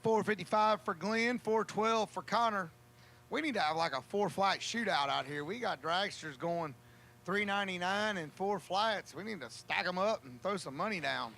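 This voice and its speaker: A man calling a drag race, with a joking, folksy manner and drawn-out calls. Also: sits high, creaky, sharp tone. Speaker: race announcer. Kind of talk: drag racing commentary.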